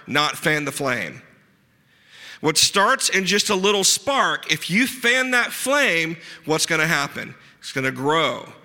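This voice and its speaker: A man with a fairly high, bright and forceful voice preaches a sermon, earnest but slipping in dry asides. He slows down to press on key words. His voice rings out with a long reverb, as in a large hall. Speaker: pastor.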